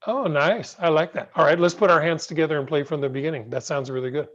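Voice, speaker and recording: A middle-aged man teaching piano in an online masterclass, gentle, patient and encouraging, heard over a video call. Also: on the high side, fast. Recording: muffled video call audio.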